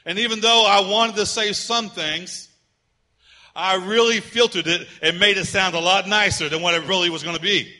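A middle-aged male pastor preaching a sermon conversationally, telling humorous personal stories and swinging between loud emphasis and quiet asides. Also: high-pitched, steady tone, normal speed.

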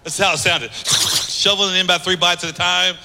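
A man preaching a sermon, driving points home with emphatic repetition and easing into softer storytelling. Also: sits high, steady tone, a little fast, vocal fry, big-room sound, slight background noise. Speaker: pastor.

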